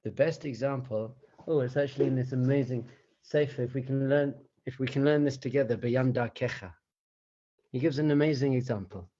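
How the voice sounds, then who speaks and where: A man, a rabbi, teaching meditation in a conversational, animated way, often chuckling and asking the listeners rhetorical questions. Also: mid-range voice, a little fast, muffled recording.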